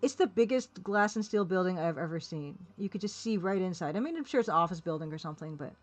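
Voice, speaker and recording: A woman's voice: fairly low pitch, expressive, fast talker. Chatty woman streamer, rambling. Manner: chatty, rambling, laughs often, reads chat aloud. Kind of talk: casual live-stream chat.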